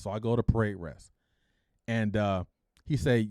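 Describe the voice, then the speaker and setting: A middle-aged man from Detroit, hosting a podcast and telling his own life story in a casual, animated way, acting out the dialogue and peppering his speech with "freaking". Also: fairly low pitch, normal speed, dry recording, clean studio sound. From Detroit, United States.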